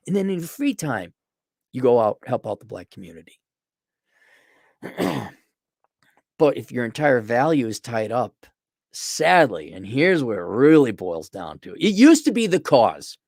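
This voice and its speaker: A man's voice: fairly high pitch, sing-song, normal speed, no room sound, studio quality. A middle-aged man delivering a sarcastic, ranting opinion monologue as a podcast host. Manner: sarcastic, ranting, mocking voices.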